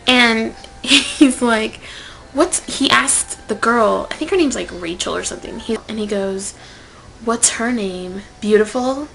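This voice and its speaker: A young woman telling a personal story to camera in a casual vlog, swinging from loud outbursts to whispered asides. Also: fairly high pitch, a little slow, creaky, slight background noise, poor audio. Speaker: vlogger.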